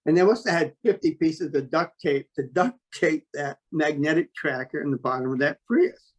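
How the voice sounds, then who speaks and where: A man telling a story as an interview guest, talking in a blunt, animated way and swearing freely. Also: on the high side, normal speed. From New York State. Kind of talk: casual storytelling.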